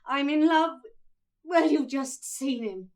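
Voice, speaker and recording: An actress in a vintage radio play voicing a passionate, impulsive sister who confesses in urgent, quick bursts. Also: female voice, a little high, lively intonation, darkish tone. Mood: impassioned.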